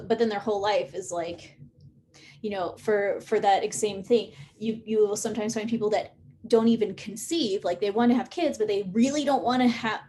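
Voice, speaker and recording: A woman's voice: medium pitch, warm tone, a little hiss or hum. A woman in her thirties hosting a casual live-stream Q&A, talking in a rambling way with many fillers and restarts. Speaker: host of a live Q&A session.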